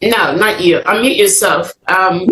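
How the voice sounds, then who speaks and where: A woman moderating an online meeting, talking with many fillers and pauses. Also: mid-range voice, a bit bright. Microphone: online call audio. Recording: echoey room with noise behind.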